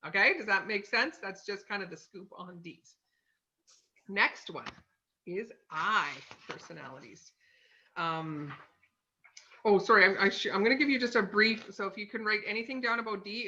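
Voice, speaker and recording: A woman's voice: medium pitch, moderate pace, sharp tone, lo-fi sound. A woman giving a casual lesson from her home office in a chatty manner, full of fillers and "okay?" check-ins. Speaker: sales consultant teaching personality types. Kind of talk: casual instructional talk.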